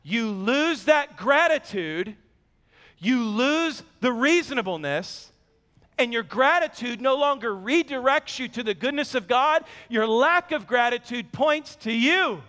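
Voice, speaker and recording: A man in his thirties delivers a sermon in a notably high voice, telling stories from his own life with lively, self-deprecating humor. His voice rings out with the long reverb of a large church sanctuary. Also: a little slow, clean tone. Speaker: pastor.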